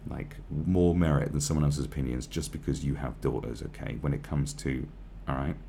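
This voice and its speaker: A man's voice: extremely low pitch, fairly even intonation, moderate pace, vocal fry, warm tone, a little hiss or hum. A man giving profane, rambling, sarcastic commentary on a news article.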